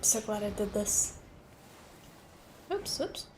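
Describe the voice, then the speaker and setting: A woman's voice: medium pitch, very animated, slow pace, a little mellow, a little hiss or hum. A young woman chatting and giggling as she plays through a video game on a livestream. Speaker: streamer. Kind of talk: casual gameplay livestream.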